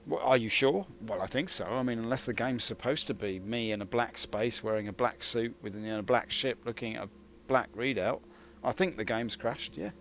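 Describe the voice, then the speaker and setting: A man's voice: mid-range voice, normal speed, fairly bright tone. A British man giving wry, rambling commentary while streaming a game. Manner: wry, rambling, self-mocking. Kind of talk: casual livestream commentary. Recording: dull lo-fi with faint hiss.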